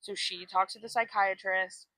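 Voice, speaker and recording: A bright-voiced woman chats casually on a podcast, retelling a story and slipping into the characters' lines. The recording is dry and close. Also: medium pitch, moderate pace, no room sound, poor audio. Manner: animated storyteller, acts out quotes, swears freely. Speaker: podcast co-host. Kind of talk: casual chat retelling a book plot.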